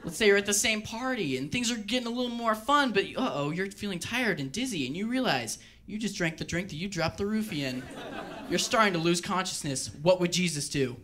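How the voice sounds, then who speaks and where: A man doing a stand-up routine on a club stage, wry and deadpan with rambling asides. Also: high voice, a little fast, a little hiss or hum. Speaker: stand-up comedian.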